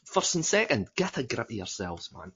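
Excitable Scottish man, husky and lively. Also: mid-range voice. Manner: animated, swears, quick outbursts. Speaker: podcast co-host. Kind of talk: casual football chat. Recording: dull lo-fi podcast audio.

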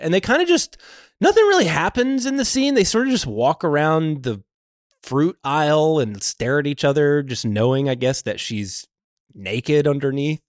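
Male podcast host, animated and expressive delivery, dry close-mic sound. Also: on the high side, normal speed, no room sound. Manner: animated, acts out movie lines, laughs often. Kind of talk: casual film chat.

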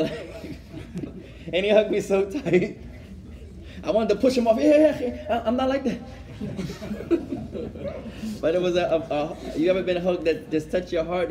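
A man giving a religious lecture, telling a story lively and acting out conversations, often adding Arabic phrases and laughing as he goes. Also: high voice. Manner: animated, acts out dialogue, code-switches with Arabic phrases; laughs while telling stories. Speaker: Islamic teacher.

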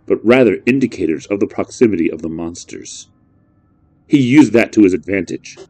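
A man with a very low, deep voice reads a horror story in a measured, brooding way. The recording is dry and close, with no room sound. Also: dark tone, no echo. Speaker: narrator.

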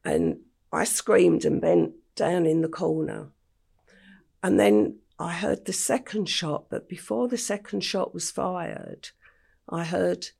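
An older English woman, a podcast interview guest, retelling her past slowly and matter-of-factly with quoted dialogue. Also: fairly low pitch, a little mellow. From England. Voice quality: gravelly, husky.

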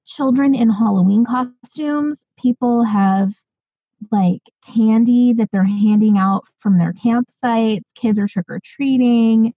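Chatty woman with a husky voice. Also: a little high, measured pace, dry recording, highs cut off. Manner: chatty, lots of fillers and excited asides. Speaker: podcast co-host. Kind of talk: casual chat.

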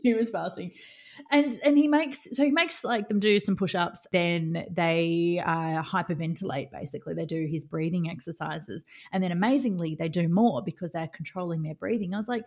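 A woman's voice: medium pitch, a little fast, a little mellow. A woman co-hosting a podcast, chatting casually and scoffing at wellness claims with exasperated asides. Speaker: podcast co-host. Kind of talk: casual critical chat.

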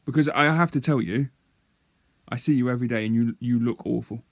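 A man's voice: medium pitch, fairly quick, no echo. Man, dry teasing humour, plain mid voice, no room sound. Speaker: podcast co-host. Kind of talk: casual chat.

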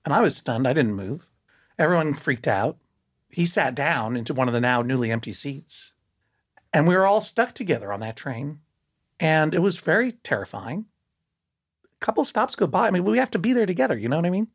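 A man telling a personal story in casual conversation, lively and full of restarts, jumping up in pitch for emphasis. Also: fairly quick, breathy edge. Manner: animated, many restarts, jumps up in pitch for emphasis.

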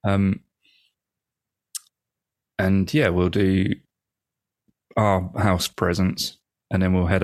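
A man's voice: deep voice, no room sound, clean studio sound. A man co-hosting a podcast in casual chat, teasing and laughing often. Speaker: podcast co-host.

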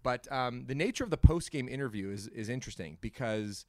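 Podcast host, male, mid-pitched, chatty and rambling, close dry mic. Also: lively intonation, fairly quick, mellow, no echo. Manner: rambling, many fillers and restarts. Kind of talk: casual chat.

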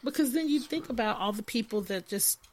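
A woman hosting a podcast in casual chat. She is animated, laughs often and swears freely. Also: fairly high pitch, fairly quick. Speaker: podcast host interviewing guests.

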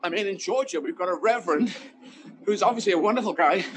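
A man, a comedian, talking in an animated, emphatic way with rambling asides during an interview, apparently while out running. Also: high voice, fast, slight background noise, rough recording. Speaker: guest comedian. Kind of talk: conversational interview.

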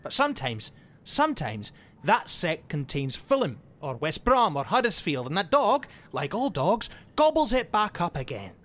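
An actor plays a crude football club insider who swears freely and needles everyone with sarcastic banter. His pitch jumps about as he mocks people, in the style of a comedy audio drama. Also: wildly swooping pitch, normal speed, fairly bright tone, heavily acted. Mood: scornful.

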